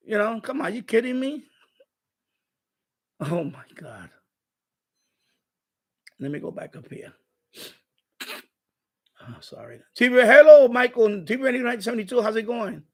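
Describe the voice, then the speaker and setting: A man with a rather high voice and a rough, gravelly edge. He hosts a live stream in a loose, chatty way. He gets worked up as he tells stories and talks to his viewers. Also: unhurried, pauses often. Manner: animated ranting storyteller. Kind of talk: casual live-stream chat.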